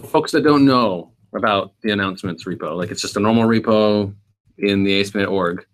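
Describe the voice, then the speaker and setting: A man with a fairly low voice explains things plainly in a casual chat. He speaks in dry, short quips. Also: fairly quick. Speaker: co-host guest.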